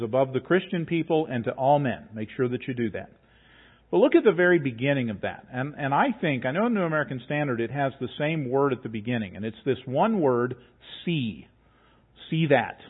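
A man preaching a sermon to his congregation in a conversational, emphatic way, reading scripture aloud and pressing his points home. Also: medium pitch. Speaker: pastor. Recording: tinny phone-like sound.

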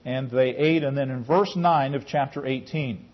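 Husky-voiced man teaching a Bible class. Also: moderate pace, few pauses. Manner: conversational, calls on class members by name. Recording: muffled low-fidelity recording.

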